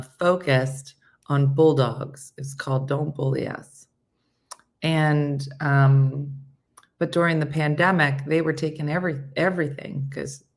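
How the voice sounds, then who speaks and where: Woman host, low voice, casual storyteller who acts out the quotes. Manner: rambling, animated storytelling with acted-out quotes. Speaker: morning show host.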